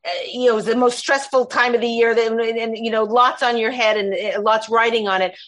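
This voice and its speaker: A woman with a fairly high voice asks questions in a casual interview. She rambles, restarts her sentences often and sounds excited. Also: a little fast. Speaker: host, interviewer.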